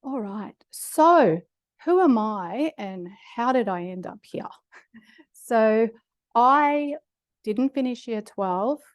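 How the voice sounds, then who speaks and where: A woman's voice: a little high, animated, takes it slowly, no room sound. Aussie woman giving a talk, jokey self-deprecating stories, dry close sound. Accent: Australian. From Australia (Queensland). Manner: humorous, self-deprecating storytelling with laughs. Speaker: lecturer. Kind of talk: public lecture with personal stories. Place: lecture hall.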